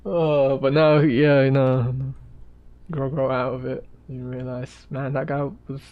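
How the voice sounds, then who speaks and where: A man with a medium-pitched voice and flat delivery talks at a measured pace, the audio sounding like it's over a phone. He rambles casually and easily while sketching on a live stream, trailing off to mutter as he draws.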